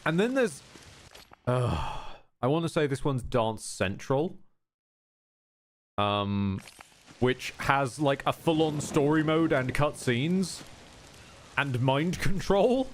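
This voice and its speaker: Rambling streamer, animated pitch. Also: male voice, slow, long pauses, a little hiss or hum. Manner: rambling, swearing, jokey. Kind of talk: casual gameplay commentary.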